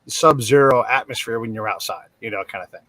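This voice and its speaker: A man's voice: mid-range voice, a little fast, fairly bright tone, low-quality recording. A man hosting a casual podcast interview, talking conversationally and thinking aloud. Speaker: podcast host.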